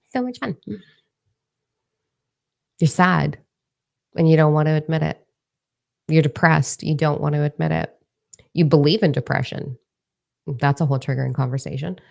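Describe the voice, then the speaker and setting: A middle-aged woman with a low, gravelly voice gives a candid motivational talk. Her tone is dark and mellow, and she talks bluntly, swears freely and repeats words for emphasis. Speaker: motivational speaker.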